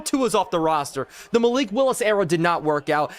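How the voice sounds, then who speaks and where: A young man live-streaming a football video game, calling plays and thanking chat, excitable and loud on big plays. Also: sits high, fast, few pauses.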